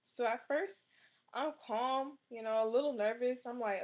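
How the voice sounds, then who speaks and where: A young adult woman telling a personal story in a casual, animated way, full of "like" and "you know" and the odd swear word. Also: on the high side, normal speed. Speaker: vlogger.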